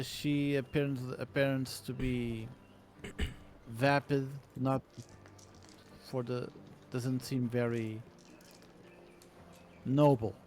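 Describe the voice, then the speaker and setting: A man slowly describing his character's actions in a tabletop game, halting often with fillers. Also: medium pitch, darkish tone, a little hiss or hum. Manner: slow, halting, with many fillers. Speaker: player.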